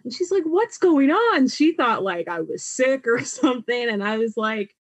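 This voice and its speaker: Animated young woman telling her story. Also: fairly high pitch, normal speed, no echo. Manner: animated, laughs often, acts out quoted voices. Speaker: podcast guest, artist. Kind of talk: personal storytelling in a podcast interview.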